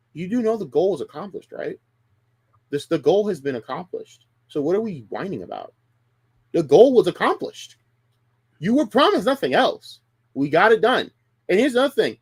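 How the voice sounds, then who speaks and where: A man's voice: high-pitched, slightly rough, dry recording. Profane ranting male streamer. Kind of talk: heated casual stream talk.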